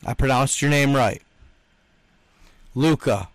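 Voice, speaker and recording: A man's voice: mid-range voice, normal speed, pauses often, no room sound. A young man hosting a livestream, chatting and reading out comments in an emphatic, slangy way, repeating himself often. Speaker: livestream host.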